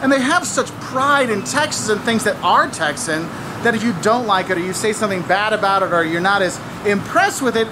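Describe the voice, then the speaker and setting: A man's voice: high-pitched, fairly quick. Man, travel vlogger, explanatory and teasing, street sounds around. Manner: lively, wry, explanatory. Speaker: travel video host. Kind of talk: travel vlog commentary. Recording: outdoor clip with street noise. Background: traffic and street ambience.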